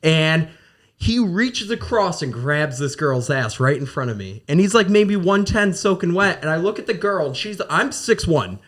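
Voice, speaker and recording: A man, a podcast co-host who works as a bouncer, telling animated, laughing stories in casual chat, recorded in a bar. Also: fairly high pitch, normal speed. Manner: animated, laughing, acts out quoted lines.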